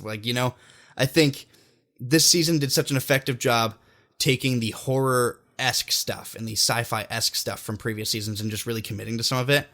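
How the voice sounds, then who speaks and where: A man guests on a casual podcast and reviews with earnest enthusiasm. His voice sits at a plain middle pitch. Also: a bit bright.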